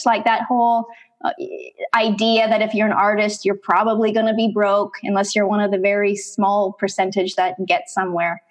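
A middle-aged woman appears as an interview guest, recounting her life story conversationally. She's animated, acting out bits of past dialogue, speaking at medium pitch and normal speed.

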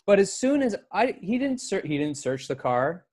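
A man co-hosting a podcast, telling stories in casual chat, animated and full of swearing. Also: high voice, normal speed. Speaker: podcast co-host.

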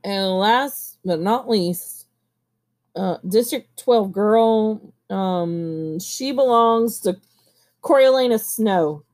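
A woman's voice: a little high, very animated, creaky, bright, forceful tone, full character voice. A woman doing a slurring, drugged old dean. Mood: mumbling. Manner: mumbling, halting, slow. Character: slurring drugged older male academy dean.

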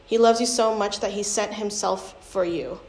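A woman's voice: medium pitch, fairly even intonation, normal speed, darkish tone. A young adult woman giving a candid, conversational personal testimony, often using fillers as she talks. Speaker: speaker sharing a testimony. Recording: echoey room with faint ambient noise.

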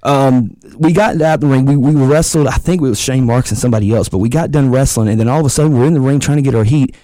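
A man telling profane, animated stories as a wrestler guest on a podcast. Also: medium pitch, no room sound. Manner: fast, profane, animated storytelling. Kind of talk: casual podcast storytelling.

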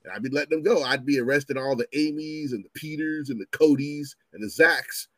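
A man's voice: a little high, brisk, dry recording. A man in his fifties telling profane stories in casual chat, acting out the people in them. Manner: animated, profane, acts out voices in his stories. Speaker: storyteller guest.

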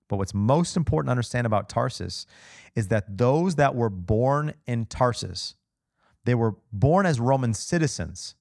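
Male pastor, casual expressive sermon, lots of rhetorical questions, dry close sound. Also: lowish voice, no echo. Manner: asks the congregation rhetorical questions. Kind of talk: conversational sermon.

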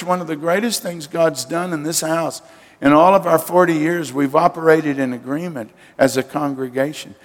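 An older man preaching a sermon as pastor, emphatic and calling on his congregation to respond. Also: on the high side. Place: church sanctuary. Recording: long hall reverb.

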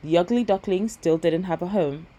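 A woman reading a bedtime story aloud in a gentle, steady voice. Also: on the low side, normal speed, low-quality recording.

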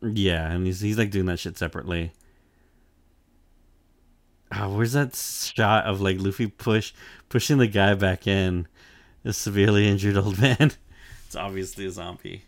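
A man's voice: low voice, fairly even intonation, moderate pace, pauses often, dry recording. A young man chatting casually on a podcast, laid-back and full of "like" fillers, swearing and laughing as he recaps an anime. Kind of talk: casual chat.

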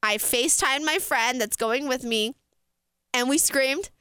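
Young woman host recapping a story, chatty and animated; bright, high, forceful voice. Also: unhurried, smooth. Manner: animated, laughs often, says "like" and "frickin'". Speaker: podcast host. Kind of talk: excited casual storytelling.

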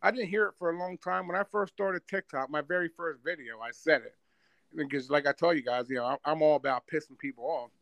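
A middle-aged New Jersey man, a social media personality guesting on a podcast, tells stories in a brash, boastful way, swearing constantly in casual chat. His voice is a little high and fairly bright with vocal fry, he talks fast, and there's no echo.

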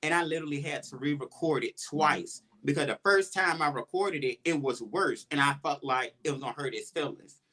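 Podcast host guy chatting casually, acts out what he said, kinda high bright voice. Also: brisk, few pauses. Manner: animated storytelling, quotes himself in raised voice. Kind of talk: casual chat.

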